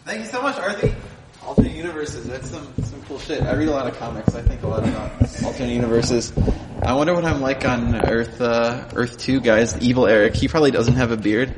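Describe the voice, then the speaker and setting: A man's voice: medium pitch, a little fast. Casual joking man hosting a live show. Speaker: host. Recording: very noisy live venue with long reverb.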